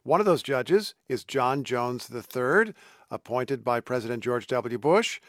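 Crisp male radio news host. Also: medium pitch, lively intonation, unhurried, no room sound, studio quality. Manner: crisp, probing questions and clarifications.

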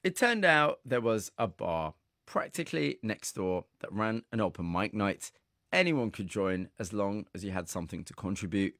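A man narrating a documentary piece and asking interview questions in a measured way. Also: fairly low pitch, lively intonation, fairly bright tone, dry recording, clean studio sound. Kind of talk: scripted narration.

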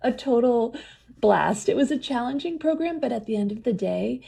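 A woman's voice: a little high, expressive, moderate pace, vocal fry, mellow, slightly rough. A woman telling enthusiastic stories as an interview guest, often laughing as she talks. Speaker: museum program leader and guest. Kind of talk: conversational interview storytelling.

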